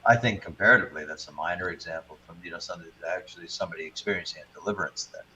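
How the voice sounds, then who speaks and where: A man hosting a podcast, talking in a measured, hesitant way with frequent pauses and fillers. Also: deep voice, pushed and bright, slight background noise, rough recording. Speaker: podcast host, paranormal investigator. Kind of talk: casual chat.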